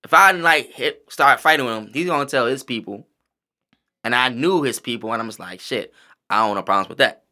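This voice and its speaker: Very bright-voiced Southern man telling stories. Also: mid-range voice, brisk. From American South. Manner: profane, animated storytelling, calls himself introverted. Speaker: podcast host, stage host and performer. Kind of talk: casual podcast storytelling.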